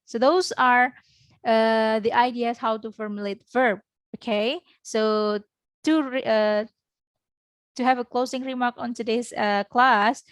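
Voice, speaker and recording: Indonesian-accented woman teacher, higher voice, dry close computer mic, patient and halting online lecture. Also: no room sound. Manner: patient, explains word by word with many pauses. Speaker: English teacher.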